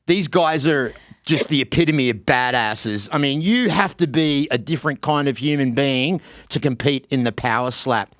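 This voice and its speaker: Hyped Australian podcast host, dry sound. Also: male voice, medium pitch, normal speed, dry recording. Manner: energetic, hyped, laughs often. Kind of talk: casual interview.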